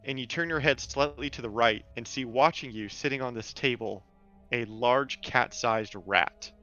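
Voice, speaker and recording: A man's voice: mid-range voice, normal speed, pushed and bright, dull audio, faint music behind. A man running a tabletop game, narrating scenes casually with fillers. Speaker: game master.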